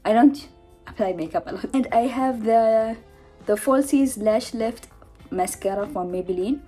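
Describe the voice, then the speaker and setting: A young woman in her twenties chats through a makeup haul at home, laughing at herself and slightly out of breath. Her voice is mellow and soft-edged, with faint music and household noise behind her. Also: a little high, normal speed. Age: 20s. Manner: chatty, giggly, self-mocking. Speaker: beauty vlogger. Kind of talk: casual makeup haul chat. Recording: home vlog with background noise.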